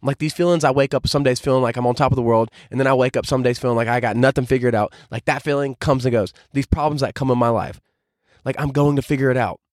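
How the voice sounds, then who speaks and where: A man's voice: mid-range voice, fairly even intonation, fast talker, dry recording, studio quality. A man in his twenties hosting a solo podcast, talking casually and reflectively, rambling with lots of filler words. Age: 20s. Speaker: podcast host.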